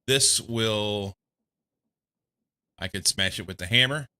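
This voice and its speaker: A man from the United States streaming a game, thinking aloud in casual commentary, a little congested and quick to laugh. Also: fairly low pitch, sharp tone, clean tone. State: slightly congested.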